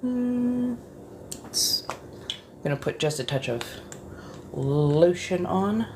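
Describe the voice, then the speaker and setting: A woman chatting in a soft-spoken ASMR style, rambling casually as she goes. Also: deep voice, slow, noisy background. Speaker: ASMR creator.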